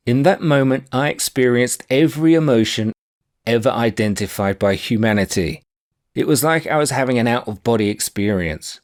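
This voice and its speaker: A man reading his own book aloud, telling a personal anecdote in a wry, animated way. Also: medium pitch, moderate pace. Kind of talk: audiobook narration of a personal anecdote.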